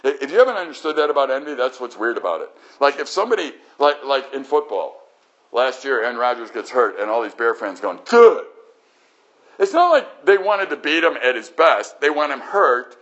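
A man's voice: mid-range voice, very animated, fairly quick, a bit bright, lo-fi sound. A man preaching a sermon, acting out quoted voices in his talk. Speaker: pastor.

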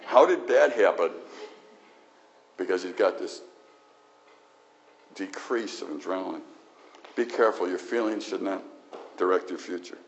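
Man, pastor, sermon, low voice, emphatic, conversational, restarts, slightly muffled recording. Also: measured pace, gravelly, long pauses, a little hiss or hum.

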